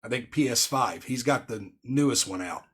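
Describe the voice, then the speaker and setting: A man's voice: medium pitch, expressive, normal speed, a bit bright, slightly rough. A man speaking plainly and matter-of-factly as a guest on a chat show. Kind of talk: casual chat.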